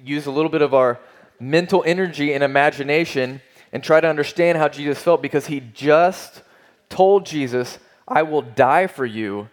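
A man preaching a sermon, earnest and emphatic, asking rhetorical questions and repeating phrases for weight. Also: medium pitch. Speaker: pastor.

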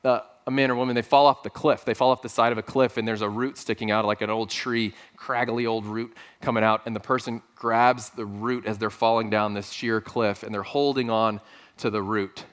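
A man's voice: medium pitch, fairly bright tone. A man preaches with earnest conviction in a mid-range voice. He stresses his points by repeating key phrases. His delivery is that of a pastor in the middle of a sermon.

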